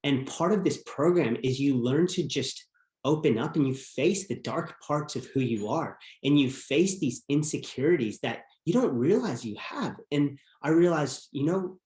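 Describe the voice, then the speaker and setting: A man's voice: fairly high pitch, animated, moderate pace, a little mellow. A man as a podcast guest, telling a personal story in an earnest, reflective way. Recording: roomy echo.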